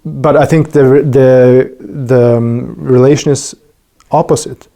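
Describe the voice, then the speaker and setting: A man hosting a podcast in a loose, conversational way, working out his thoughts aloud with many restarts. His voice has a gravelly, creaky edge and a dark, mellow tone, sitting at an ordinary pitch for a man. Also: steady tone, slow pace. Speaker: podcast host. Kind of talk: casual conversational interview.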